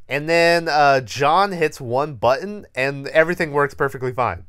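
A man's voice: on the high side, normal speed, hardly any pauses, a bit bright, clean tone. A man co-hosting a podcast, recapping a horror movie in a rambling, profane, laughing way. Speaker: podcast co-host.

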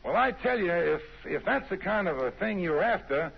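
A man's voice: high voice, animated, normal speed, vocal fry, breathy edge, full character voice. An actor playing an eager young man of a singing team, talking in a 1950s radio drama style with hesitant starts. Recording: dull old radio broadcast.

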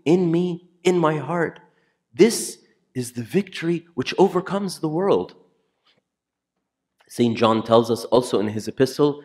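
A male priest giving a sermon in a church. He presses his points by repeating key phrases and often lets his voice sink low and soft for effect. His pitch sits in an ordinary middle range for a man. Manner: emphatic, repeats key phrases, drops to a near whisper for quiet lines.

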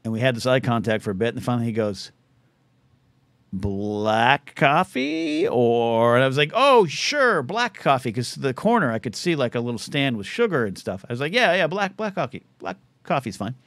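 A man's voice: medium pitch, brisk, hardly any pauses, dry recording. Rambling Californian man hosting call-in show. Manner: rambling, self-deprecating, lively storyteller. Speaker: host of a live call-in show. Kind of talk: casual livestream talk-radio chat.

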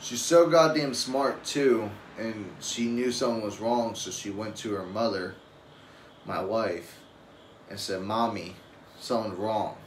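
A young adult man who is a father chats casually on a live stream, telling rambling, profane stories in a low-leaning, unhurried voice. The recording has a roomy echo and faint ambient noise.

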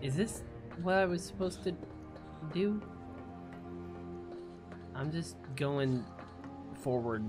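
A man's voice: a little high, animated, slow, pauses often. A young man casually commenting on his gameplay, joking and swearing freely. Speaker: let's play host. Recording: game music under the voice.

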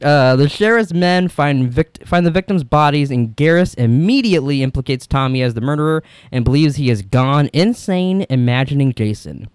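A man's voice: fairly high pitch, animated, moderate pace, hardly any pauses, clear, resonant tone, no room sound. A man co-hosting a podcast, casually recapping a film's plot, laughing often and slipping into silly voices for the characters. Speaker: podcast co-host.

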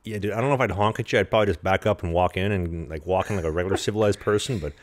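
A young man co-hosting a podcast, teasing his co-host and steering the talk into an ad. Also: deep voice. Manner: quick teasing interjections, reads ad lead-ins. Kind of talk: casual podcast banter.

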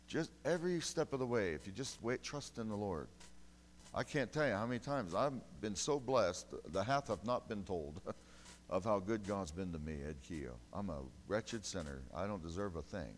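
A male pastor preaching a sermon, folksy and emphatic, with sudden loud bursts between quieter, conversational stretches. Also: fairly low pitch, big-room sound, a little hiss or hum. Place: church sanctuary.

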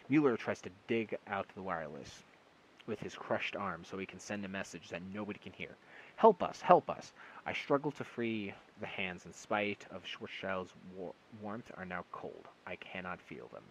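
Deep-voiced guy reading a sci-fi story on his phone, trips over words, faint hiss. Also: normal speed, fairly bright tone, low-quality recording. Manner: stumbling, restarting words. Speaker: amateur audiobook reader. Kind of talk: single-take short story narration.

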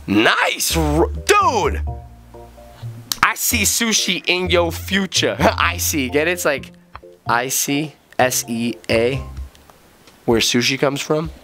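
Goofy excited dad guy playing a kids game, voice jumping all over, faint music behind. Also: a little high, slow pace. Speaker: gaming channel host. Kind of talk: playful game commentary with his kid.

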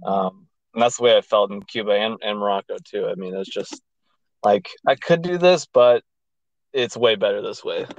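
A man hosting a podcast who talks in a relaxed, agreeable way with frequent fillers. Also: on the low side, normal speed, no room sound. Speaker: podcast host. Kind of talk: casual chat. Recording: dull, dry lo-fi sound.

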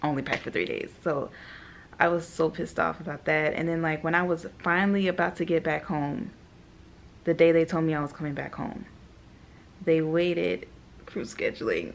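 A young woman, a flight attendant, telling animated stories in a casual vlog, laughing often and quoting people. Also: low-pitched, moderate pace, vocal fry, a little hiss or hum.

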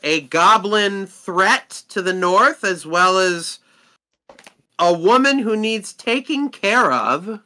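Lively game master with a bright voice. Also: male voice, high voice, slow. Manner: lively, hesitant restarts. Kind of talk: tabletop game narration.

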